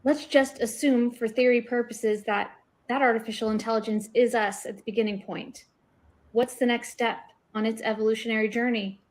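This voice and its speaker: A woman's voice: a little high, steady tone, moderate pace. A woman in a casual online discussion, earnestly explaining her ideas with rising emphasis. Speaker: guest researcher.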